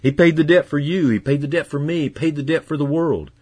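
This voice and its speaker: A man preaching a sermon as pastor, earnest and fervent, moving from hushed passages to loud, emphatic ones. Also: on the high side, a little fast, breathy edge, dry recording.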